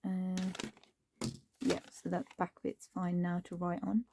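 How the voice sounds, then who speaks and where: A woman's voice: lowish voice, completely flat delivery, slow pace, background noise. A woman chatting to herself as she crafts, often dropping into a whisper. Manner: chatty, talks to herself while working, drops into whispers. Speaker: crafting vlogger. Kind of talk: casual crafting commentary.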